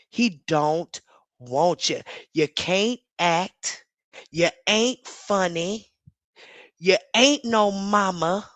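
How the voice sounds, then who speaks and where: This livestream commentary host is a woman who reads the chat aloud, talks back to it, and laughs a lot with a sassy edge. The recording is dry and her pitch is medium.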